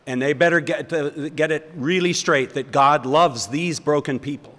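Fairly bright, a little high, and at normal speed, an older man's voice trails a long reverb through the lecture hall. He's a seminary professor giving a lecture with audience questions, thoughtful and rambling, with restarts and chuckles.

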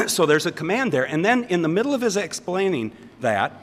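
A man's voice: sits high, big pitch swings, moderate pace. Older man lecturing in a reverberant hall. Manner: thoughtful, rambling with restarts and chuckles. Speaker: seminary professor. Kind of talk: lecture with audience questions.

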